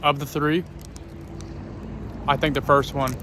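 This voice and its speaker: Faint outdoor street and traffic noise surround this travel vlogger as he walks and talks to camera. His voice is fairly high, level, and slow, and his chatty delivery is hesitant, packed with ums and self-corrections.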